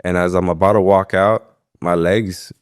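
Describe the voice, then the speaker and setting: A man's voice: low voice, steady tone, moderate pace, smooth. A young man, a fighter, telling his story in a casual interview, rambling with lots of fillers and swearing freely. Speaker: guest, professional MMA fighter.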